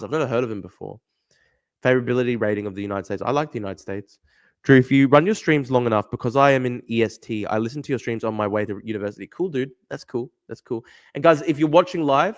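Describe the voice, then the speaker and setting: Rambling young man hosting a livestream. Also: mid-range voice. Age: young adult. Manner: rambling, reads viewer comments aloud, repeats himself. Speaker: livestream host reading chat. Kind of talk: casual livestream chat.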